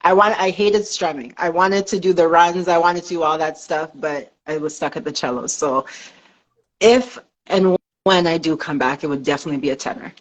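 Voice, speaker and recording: A woman's voice: sits low, moderate pace, rough recording. A young woman from Canada, a dancer, chatting casually on a podcast and telling stories with frequent laughs. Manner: chatty, laughs often, animated storytelling. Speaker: guest, dancer and fitness business owner.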